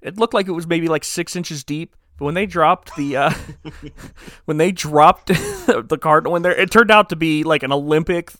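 A man casually recapping a movie plot on a podcast, rambling and joking with quick asides. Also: a little high, bright, forceful tone, no room sound, clean studio sound. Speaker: podcast co-host recapping a film.

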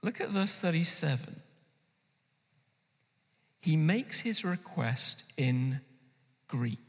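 Male pastor, bright higher voice, animated emphatic sermon, long hall reverb. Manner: animated, emphatic preaching with sudden pauses and slowdowns. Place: church hall.

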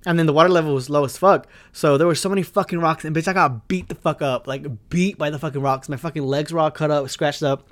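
A man's voice: a little high, fast talker, few pauses, a bit bright. Profane, rambling young man telling a story. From Arizona. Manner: profane, rambling, dramatic retelling. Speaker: podcast host. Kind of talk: casual storytelling.

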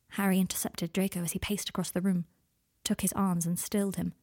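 A woman narrating fan fiction in a measured, intimate storytelling voice. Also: fairly low pitch, level tone, a little mellow.

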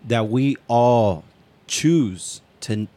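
A man's voice: mid-range voice, lively intonation, drawn-out words, mellow. A man co-hosting a casual podcast, telling long personal anecdotes and swearing freely. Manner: swears freely, rambling anecdotes, acts out quotes. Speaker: podcast co-host. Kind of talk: casual storytelling chat.

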